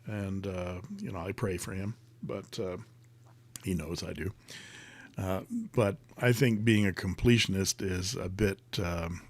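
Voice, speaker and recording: A man hosting a casual live stream, chatting and reading viewer comments aloud in a rambling way with many fillers. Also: low-pitched.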